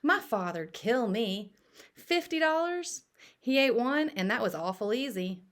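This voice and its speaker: A woman's voice: fairly high pitch, animated, a little slow, fairly bright tone. A woman voicing an anxious boy in a storybook read-aloud, sounding fretful. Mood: worried.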